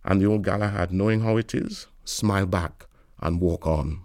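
A man's voice: low-pitched, normal speed, darkish tone, no echo, clean studio sound. A man reading an audiobook aloud in dialect, with a lilting storytelling manner. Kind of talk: audiobook narration.

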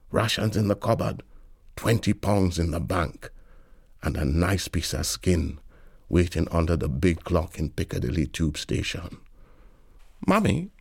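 A man narrates an audiobook, his voice low and gravelly. He lilts through the dialect in an easy storytelling manner. The sound is dry and close, with no room around it. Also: darkish tone, dry recording.

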